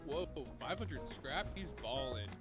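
A man chatting playfully and excitably with other players while gaming. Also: on the high side, unhurried. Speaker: streamer. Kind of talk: casual gaming chat. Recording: loud background music.

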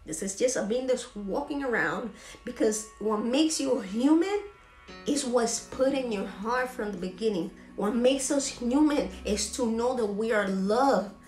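A woman's voice: fairly high pitch, a little slow, darkish tone, roomy sound, soft background music. A woman vlogger giving an emotional motivational talk. She is earnest and preachy and repeats phrases for emphasis.

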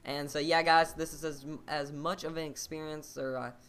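A man's voice: a little high, level tone, moderate pace, a bit bright. A man hosting a game let's play, talking casually and rambling with lots of fillers and restarts.

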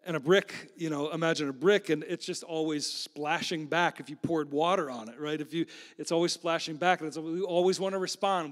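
A man's voice: a little high, brisk. A man preaching a sermon in a loose, conversational way, often repeating words and restarting. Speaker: pastor. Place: church sanctuary. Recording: long hall reverb.

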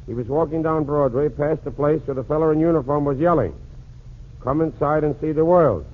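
A man doing a one-sided comic phone call in a 1940s radio comedy monologue, patter quick and full of jokes. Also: on the high side. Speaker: comedian and emcee. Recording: tinny lo-fi 1940s radio transcription with faint hiss.

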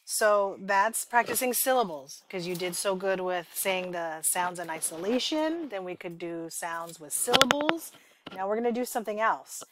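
A woman runs a speech therapy practice session, her voice sitting in a middle register. She coaches patiently, models each sound slowly and keeps giving encouragement. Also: mid-range voice, lively intonation, noisy background. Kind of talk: demonstration therapy session with a child.

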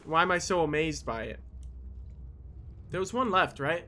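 Loud, swearing young gamer man. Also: on the high side, normal speed, slight background noise. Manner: animated, swears a lot, yells at the game. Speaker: gaming YouTuber. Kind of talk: casual let's-play commentary.

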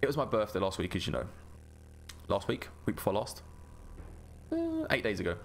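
A man's voice: on the low side, wildly swooping pitch, normal speed, vocal fry, a little hiss or hum. A man hosting a gaming channel, chatting through gameplay in a rambling, self-mocking way. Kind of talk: casual gameplay commentary.

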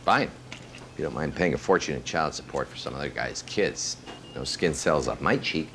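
An actor playing a sardonic, scheming doctor who talks in a dry, mocking way. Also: male voice, extremely low pitch, lively intonation, normal speed, noisy background. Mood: taunting. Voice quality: gravelly, mocking. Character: sardonic scheming male doctor, middle-aged.

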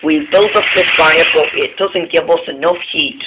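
A man voicing a kindly, fatherly male engine driver, gentle and reassuring. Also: fairly high pitch, normal speed, heavy background noise, close to an everyday voice.

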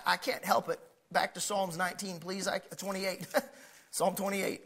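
A middle-aged male pastor preaching a folksy sermon that swings from quiet asides to shouted points. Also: high-pitched, creaky, slightly rough.

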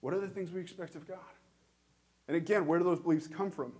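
A pastor preaching a sermon in a church, asking questions and speaking earnestly with measured, emphatic pauses. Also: male voice, sits high, darkish tone, husky.

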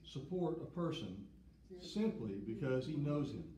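A man from the South, giving a plain, deliberate devotional talk with short stories. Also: fairly high pitch, expressive, dark tone, slight background noise. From Southern United States. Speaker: preacher. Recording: echoey room.

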